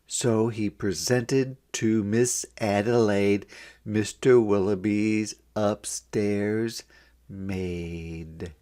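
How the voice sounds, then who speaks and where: A man reading a rhyming children's picture book aloud in a gentle, sing-song manner. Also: lowish voice, steady tone, extremely slow. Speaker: storybook reader. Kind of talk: children's read-aloud narration.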